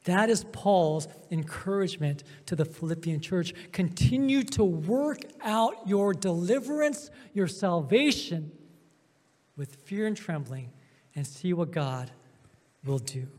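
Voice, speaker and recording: High-voiced pastor in an echoing hall. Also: male voice, expressive. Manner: emphatic, with drawn-out pauses and swings in loudness. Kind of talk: sermon. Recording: long hall reverb.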